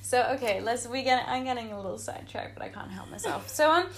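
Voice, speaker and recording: A woman's voice: sits high, expressive, fast talker, a little hiss or hum. A young woman, hosting a casual podcast chat, gushing and full of "like" fillers. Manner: chatty, gushing, many "like" fillers. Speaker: podcast host.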